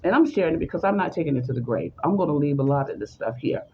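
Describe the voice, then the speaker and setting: A woman's voice: low voice, very fast, highs cut off, noisy background. A woman telling a personal story in conversation, acting out the voices of the people in it. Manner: animated, acts out the voices in her story.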